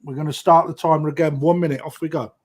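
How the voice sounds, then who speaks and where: Against a crowd in the background, a middle-aged British man with a fairly high, steady voice talks fast as he hosts a live-streamed koi auction. He chats matily with viewers and calls bids and the time remaining.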